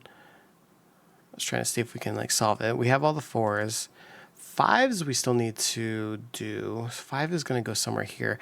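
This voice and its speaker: With a creaky, medium-pitched voice in a dry recording, a man chats casually on his puzzle channel as he works through a solve. He's upbeat and rambling, with plenty of fillers and restarts.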